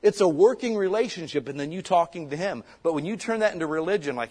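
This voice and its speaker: Pastor, middle-aged man, fervent conversational sermon, husky and fairly high-pitched. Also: animated, quick pace, few pauses, darkish tone. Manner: impassioned, conversational preaching with rhetorical questions.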